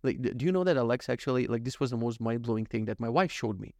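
A man's voice: medium pitch, expressive, racing, vocal fry, mellow, no echo, clean studio sound. A man hosting a casual solo podcast, rambling and joking, swearing freely and acting out little scenes. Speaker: podcast host.

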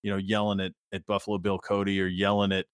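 A man's voice: low voice, monotone, fast talker, clear, resonant tone, no echo, studio quality. A man co-hosting a podcast, rambling through stories in casual chat and swearing lightly. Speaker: podcast co-host.

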